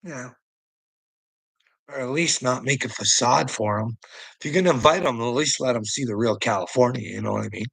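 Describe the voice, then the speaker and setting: Man, middle-aged, livestream host, gravelly, husky, rambling, teasing, laughs a lot. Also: medium pitch, brisk, fairly bright tone, poor audio. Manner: rambling, teasing, laughs often, swears casually. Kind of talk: casual livestream chat answering viewers.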